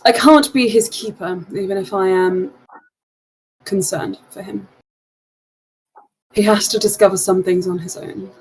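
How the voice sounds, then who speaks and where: A woman voicing a calm protective shopkeeper. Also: medium pitch, a little hiss or hum, close to an everyday voice, low-quality recording. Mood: resigned. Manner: measured, resigned.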